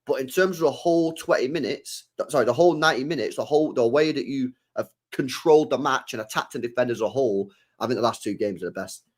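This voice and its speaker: A young man on a casual livestream, talking in an animated and slangy way. He repeats his points and tacks mate or bro onto his sentences, at a middling pitch. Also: quick pace, few pauses. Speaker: football channel host. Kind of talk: casual livestream chat reading super chats.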